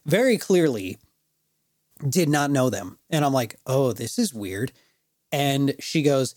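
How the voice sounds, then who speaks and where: A man's voice: mid-range voice, expressive, slow, a little mellow, dry recording, studio quality. A man co-hosting a podcast, telling a story in casual chat, swearing, laughing and acting out other people's lines. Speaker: podcast co-host.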